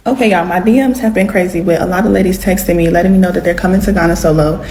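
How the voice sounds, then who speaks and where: Soft-spoken woman from Chicago. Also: fairly low pitch, fairly even intonation, very fast, a little hiss or hum. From Chicago, United States. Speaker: vlogger.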